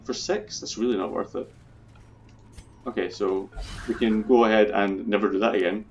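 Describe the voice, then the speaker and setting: Low-voiced man doing casual gameplay commentary. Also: steady tone, moderate pace, dull audio, slight background noise. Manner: chatty, swears freely, talks through his plans. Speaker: video game let's player.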